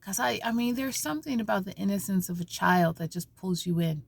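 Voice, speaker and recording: A woman vlogging from a parked car, telling a story in an animated, conversational way with many restarts and asides. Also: medium pitch, brisk, gravelly, husky, no echo. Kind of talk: casual spiritual vlog talk.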